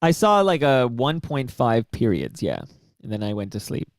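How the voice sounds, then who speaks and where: A man's voice: medium pitch, huge pitch swings, moderate pace, no room sound, clean studio sound. A man co-hosting a casual sports chat, dropping in brief, easygoing remarks. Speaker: podcast co-host.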